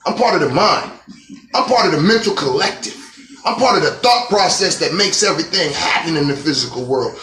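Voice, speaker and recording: A man with a high, bright, forceful voice hosts a casual livestream monologue, preaching in a profane, streetwise style. The room sounds echoey.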